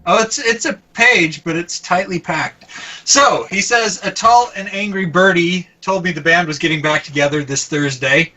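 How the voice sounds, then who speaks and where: Bright-voiced man, off mic, stumbling and laughing. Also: high-pitched, distant mic, a little hiss or hum, low-quality recording. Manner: halting, laughs often, stumbles over words. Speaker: podcast co-host reading listener email. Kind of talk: casual podcast chat.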